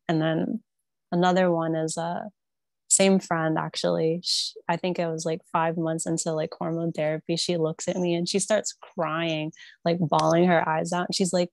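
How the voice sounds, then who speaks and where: A woman's voice: lowish voice, normal speed, no echo. A woman on a panel, telling personal stories chattily with lots of "like" over a video call mic. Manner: chatty, many likes, excited retelling.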